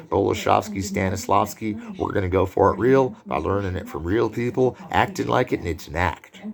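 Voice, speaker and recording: A man's voice: lowish voice, creaky. A man lecturing on film in a loose, rambling way, drifting into digressions and asides. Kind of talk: unscripted lecture.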